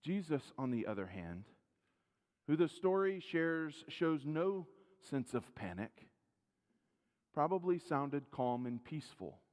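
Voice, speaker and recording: Male pastor, earnest sermon delivery, fairly high voice, questions the congregation, long church reverb. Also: very animated, slow pace. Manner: earnest, rising louder for emphasis, then dropping low and quiet; asks the congregation direct questions. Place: church sanctuary.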